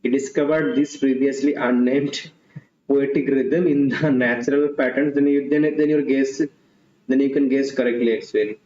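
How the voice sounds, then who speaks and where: A man's voice: medium pitch, steady tone, normal speed, mellow. Man tutoring, roomy lo-fi sound. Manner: repeats questions and options, mixes in Hindi asides. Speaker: English literature tutor. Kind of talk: online exam-prep class.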